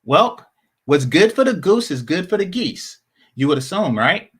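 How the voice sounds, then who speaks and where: Man, high voice, lively swings in pitch, sarcastic commentary, repeats himself. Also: a little slow, slightly rough. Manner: sarcastic, repeats points for emphasis. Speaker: commentary channel host. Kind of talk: casual video commentary.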